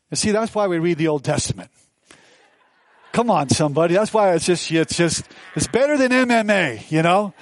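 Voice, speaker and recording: A man preaches with a rather high voice, talking through the passage in a loose, conversational way with plenty of asides. The sound is dry and close, with little room around it. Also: expressive, moderate pace, no room sound. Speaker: pastor. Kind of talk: sermon.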